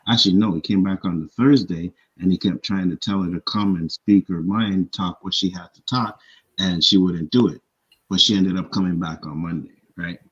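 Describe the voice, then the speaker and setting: A man on a talk show panel, telling a workplace story in casual chat, animated and profane. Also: sits low, moderate pace, breathy edge, muffled recording. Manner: animated storyteller, profane, acts out others' lines.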